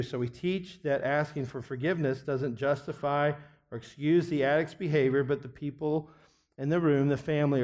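A man's voice: on the high side, a little mellow. Earnest man teaching counseling class. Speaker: biblical counseling instructor. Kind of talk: classroom lecture.

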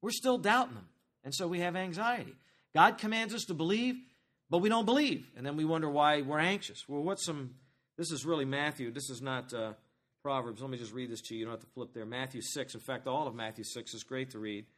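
A pastor delivers a sermon, speaking to his congregation in a lively, conversational manner and posing questions to them. His voice sits on the higher side, and he talks at a brisk pace.

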